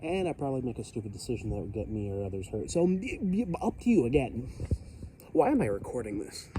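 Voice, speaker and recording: A man's voice: mid-range voice, sing-song, quick pace, mellow. A man filming a storm outside his house, rambling casually with jokey, self-deprecating asides. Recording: outdoor wind and storm noise.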